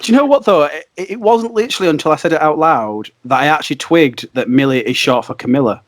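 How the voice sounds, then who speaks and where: A man's voice: fairly high pitch, lively intonation, fast talker, no echo, clean studio sound. A man hosting a casual comedy podcast, rambling and laughing as he talks. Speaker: podcast host.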